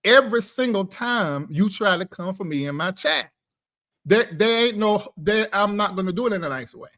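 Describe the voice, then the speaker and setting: A man's voice: sits high, expressive, normal speed, pushed and bright. A man hosting a casual live-stream chat, talking in a blunt, emphatic, preachy way. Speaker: live show host.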